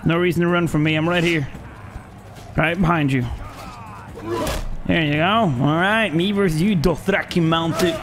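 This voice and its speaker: A man, not an English speaker, commenting on his own gameplay, taunting enemies playfully and yelling out in fights. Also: normal speed, long pauses, noisy background. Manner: playful trash talk at enemies; bursts into high shouts during fights. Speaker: gaming YouTuber. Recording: game music playing behind.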